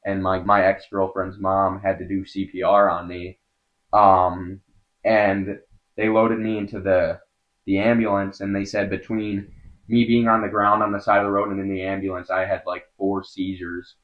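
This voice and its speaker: Young guy from wisconsin, lowish voice, earnest and halting, lots of likes, kinda dull lo-fi audio. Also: little pitch movement. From Wisconsin, USA. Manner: earnest, halting, many filler words. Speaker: podcast guest. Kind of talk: personal storytelling in an interview.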